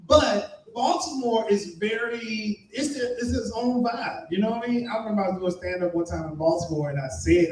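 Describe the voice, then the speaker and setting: Comedian guy from maryland joshing with the crowd, high voice, roomy echo. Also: slight background noise. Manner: loose, playful crowd banter. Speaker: comedian and emcee. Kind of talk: stand-up comedy. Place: live comedy venue with an audience. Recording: roomy echo, mic heard from a distance.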